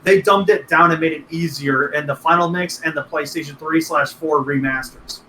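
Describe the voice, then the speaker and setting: Podcast co-host, man, high and bright, rambling and profane, roomy sound. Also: steady tone, moderate pace, slight background noise. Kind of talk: casual chat.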